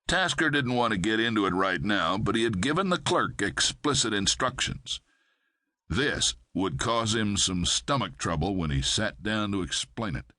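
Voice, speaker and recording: A man narrating a crime thriller audiobook in a steady, measured way. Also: fairly low pitch, dry recording, studio quality.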